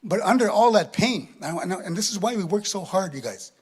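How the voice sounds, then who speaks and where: A man doing stand-up storytelling at a live venue, animated, ending lines with a questioning "eh". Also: sits high, fairly quick, husky. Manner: animated, tag questions with "eh", acts out laughs. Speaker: comedian.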